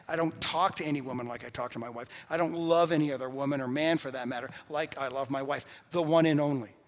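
A man preaching a sermon as pastor in a church, stressing points by repeating key phrases. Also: fairly high pitch. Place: church sanctuary. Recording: long reverb of a large hall.

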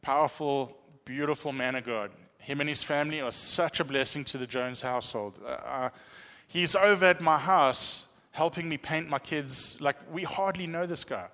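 A man telling a humorous, animated testimony as a pastor in a church. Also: fairly high pitch, moderate pace, in a large hall. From South Africa. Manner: animated storytelling, self-deprecating humor. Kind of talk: sermon testimony.

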